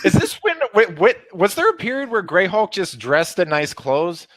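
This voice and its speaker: A man's voice: high voice, big pitch swings, normal speed, fairly bright tone, no room sound. A man co-hosting a casual chat, joking and laughing mid-sentence. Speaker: podcast co-host.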